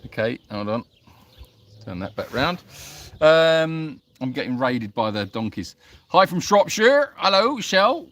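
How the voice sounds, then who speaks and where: This man's fairly high, fairly bright voice moves unhurriedly with big swings in pitch, over slight background noise. He's livestreaming casually from an animal sanctuary, chatting outside among donkeys as he reads comments and greets viewers by name in a warm, self-deprecating manner.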